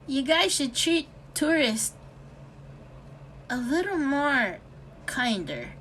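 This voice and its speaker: A woman's voice: sits high, big pitch swings, takes it slowly, fairly bright tone, a little hiss or hum. An American woman in her young adult years ranting frustrated in a vlog, swearing a lot, sighing, and slipping Tagalog words into her English. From United States. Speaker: vlogger.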